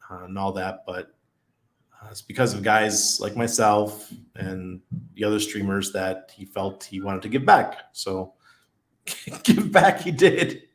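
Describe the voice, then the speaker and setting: A middle-aged man with a lowish voice hosts a relaxed live stream. He talks in an easygoing, chatty way, chuckles often, and reads viewers' messages aloud. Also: measured pace. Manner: laid-back, chatty, laughs often, reads chat aloud. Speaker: crypto livestream host. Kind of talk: casual live stream chat.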